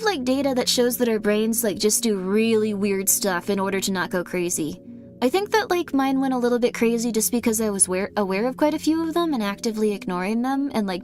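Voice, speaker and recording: A woman's voice: fairly high pitch, darkish tone, slight background noise. A woman streamer chatting casually with viewers, rambling with many fillers.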